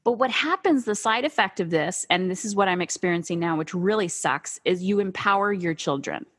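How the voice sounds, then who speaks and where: A woman hosting a podcast interview, telling stories and acting out herself and her kids in a lively, casual way. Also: lowish voice, fairly quick. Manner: animated storytelling, acts out her kids and herself. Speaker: podcast host.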